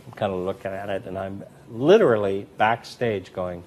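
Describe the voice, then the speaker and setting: In an interview, a male magician and comedy performer tells anecdotes at a fairly quick clip, a little hiss or hum audible. He's lively and animated, mimicking the people he quotes with broad changes in pitch and loudness.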